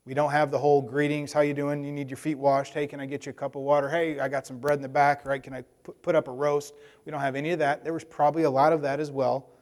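Conversational preacher in an echoing hall. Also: male voice, on the high side, darkish tone. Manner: conversational, acts out voices of Bible figures. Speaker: pastor. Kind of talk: sermon.

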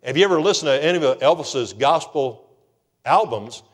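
A male pastor delivers a sermon. His voice sits slightly high, and he swings from slow, earnest stretches into fervent, emphatic calls. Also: animated, husky.

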